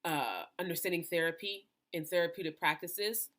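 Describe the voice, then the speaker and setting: Impassioned woman minister, low-pitched. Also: moderate pace, a bit bright. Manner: emphatic and preachy, with frequent restarts. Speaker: minister and host. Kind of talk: impassioned personal talk to camera.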